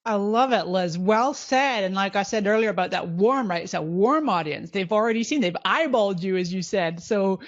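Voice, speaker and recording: A middle-aged woman with a Scottish accent softened by years in California, hosting a live video training with bubbly, quick talk and frequent laughs. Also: medium pitch, lively intonation, no room sound. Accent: Scottish with some Californian. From Scotland. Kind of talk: live-stream webinar hosting. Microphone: video call microphone. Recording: dull, lo-fi web call audio.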